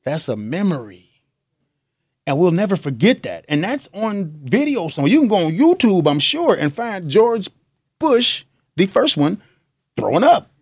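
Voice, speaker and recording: Young guy rambling on his podcast, bouncy pitch, dry close mic, jokey and loose. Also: normal speed, slightly rough, no room sound. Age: young adult. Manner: animated, joking, laughs often. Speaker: podcast host. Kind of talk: casual monologue.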